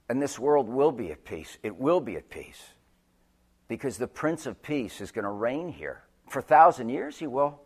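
Animated male pastor preaching. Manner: dramatic swings between loud urgent peaks and quiet low passages. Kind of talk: sermon.

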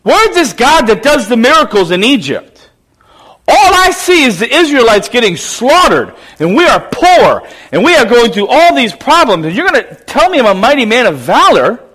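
A man's voice: extremely high pitch, big pitch swings, normal speed, fairly bright tone, pitched above the performer's own voice, exaggerated voice. A man preaching voices an oppressed young man who demands answers in rising, exasperated questions. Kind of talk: sermon, acted quote.

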